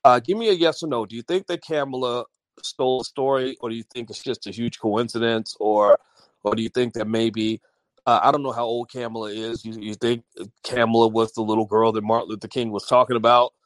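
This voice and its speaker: A man's voice: medium pitch, fairly even intonation, brisk, no room sound. Chatty man hosting an audio livestream. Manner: chatty, addresses live chat, many fillers and restarts. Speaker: livestream host. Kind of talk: casual livestream commentary. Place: audio-only home livestream.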